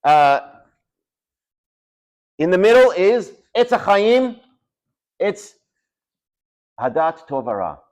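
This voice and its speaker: A man delivering a sermon as a rabbi, telling stories with dramatic drops to a near hush. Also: sits high, slow, long pauses. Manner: animated storytelling with dramatic drops in volume. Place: synagogue study hall.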